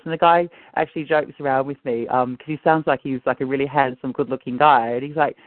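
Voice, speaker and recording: A man's voice: medium pitch, fairly even intonation, quick pace, few pauses, dry recording. A man calling in as a guest, telling his story in a chatty, joking, run-on way. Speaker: guest caller. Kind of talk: casual call-in chat. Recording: phone-line audio.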